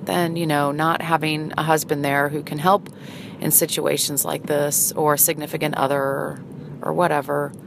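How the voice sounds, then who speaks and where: A middle-aged woman telling a personal story in a halting, hesitant, earnest way. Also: sits low. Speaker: vlogger. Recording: noisy, with vehicle sounds behind.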